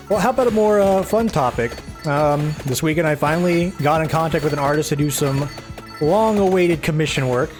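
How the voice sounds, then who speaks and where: A man giving casual, rambling gameplay commentary, sounding tired, a little raspy and short of breath, with a soft, somber tone. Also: on the high side. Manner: rambling, chatty, self-deprecating. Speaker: gaming video host. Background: game music.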